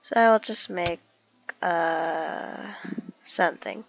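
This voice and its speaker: A woman's voice: lowish voice, slow pace, gravelly. A woman talking to herself as she plays a survival game, describing each step she takes. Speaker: gamer narrating her own play. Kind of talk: casual let's-play commentary. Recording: dull lo-fi recording.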